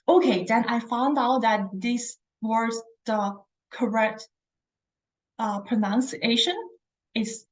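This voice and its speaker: A woman teaching pronunciation in English, patiently modelling each tone with drawn-out vowel sounds. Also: a little high, poor audio. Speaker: Chinese language teacher. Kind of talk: slow pinyin tone lesson.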